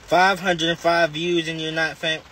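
A man's voice: on the high side, flat delivery, measured pace, bright, forceful tone, a little hiss or hum. A man with a Southern American accent, a rapper talking on a phone livestream, rambling and profane as he answers his viewers' comments. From Charlotte, North Carolina. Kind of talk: casual livestream chat.

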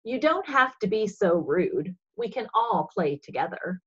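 A woman voicing a gentle, prayerful young girl in a storybook reading, soft and earnest, with a husky voice. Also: medium pitch, big pitch swings, measured pace, lo-fi sound, exaggerated voice.

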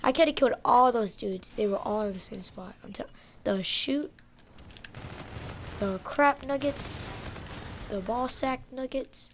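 A young woman commentating her own shooter gameplay, sick and with an upset stomach, yelling in frustration and then calming down. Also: on the high side, a little slow, long pauses, slight background noise. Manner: yells in frustration, then calms down. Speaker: gaming YouTuber.

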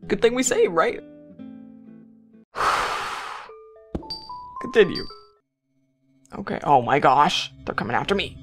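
A young woman narrates her playthrough in a lively, swooping voice. She gasps and exclaims constantly and often slows between bursts. Guitar music plays clearly under her talk. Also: mid-range voice. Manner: excitable, gasps and frequent exclamations. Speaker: let's play gamer. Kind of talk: casual gameplay commentary.

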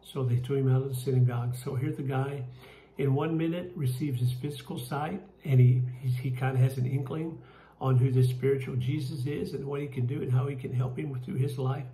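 A man with a Kentucky accent leading a church Bible study, folksy and halting, with many fillers and restarts. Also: mid-range voice, fairly even intonation, warm tone, roomy sound, a little hiss or hum, poor audio. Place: church room.

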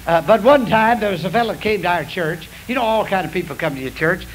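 A man's voice: high-pitched, quick pace, poor audio. A man preaching a sermon in a folksy, confessional way with a drawl, telling stories to his congregation. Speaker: pastor. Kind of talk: sermon with storytelling. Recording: hissy old radio broadcast.

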